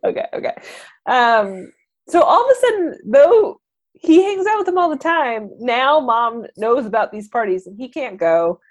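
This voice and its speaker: Brief: woman podcast host, lively storyteller, acts out the dialogue. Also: on the high side, normal speed. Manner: animated storytelling, acts out characters' lines. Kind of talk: casual movie recap chat.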